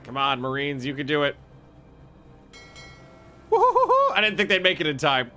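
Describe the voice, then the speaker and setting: A man casually commenting on his own strategy game play, excitable, swearing freely and thinking aloud with restarts. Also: mid-range voice, quick pace, faint music behind. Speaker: gaming video host.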